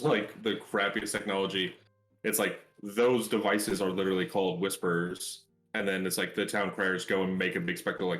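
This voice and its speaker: Casting note: lower-pitched man, eager run-on guest talk, faint music under. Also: a bit bright. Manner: quick, enthusiastic, run-on sentences. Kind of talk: casual chat.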